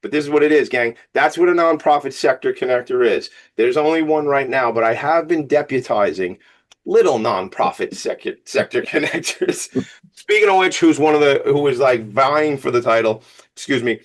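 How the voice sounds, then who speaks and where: A man hosting a radio talk show, speaking with a Long Island New York accent, excitable and rambling, cracking jokes. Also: medium pitch. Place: radio studio.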